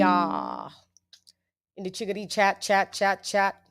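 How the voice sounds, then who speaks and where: A woman's voice: mid-range voice, fairly even intonation, slow, creaky. A woman hosting a casual livestream chat, playful, with sing-song hype introductions. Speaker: host.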